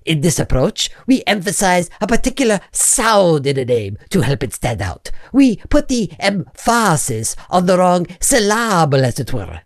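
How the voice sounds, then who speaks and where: A man's voice: sits high, big pitch swings, a little slow, hardly any pauses, no echo, studio quality. A man voicing a pompous, stiffly formal memory coach in a comedy sketch, speaking precisely without contractions. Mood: prim.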